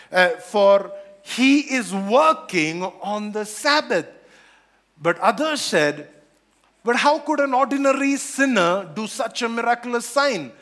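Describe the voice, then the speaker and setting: A man preaching a sermon on scripture, animated, repeating phrases and acting out the quoted voices. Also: high voice.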